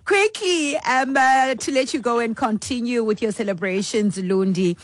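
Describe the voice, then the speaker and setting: A woman hosts a radio talk show, mixing English with Zulu as she introduces her topic and guest. Her voice sits a bit higher than most, and her manner is friendly and inviting. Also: moderate pace, a little hiss or hum. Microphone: studio mic with headphones.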